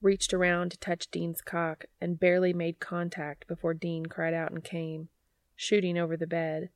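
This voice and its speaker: A woman narrating a fan fiction audiobook in an even, unhurried, quiet reading voice. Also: on the low side, no room sound. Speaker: podfic reader.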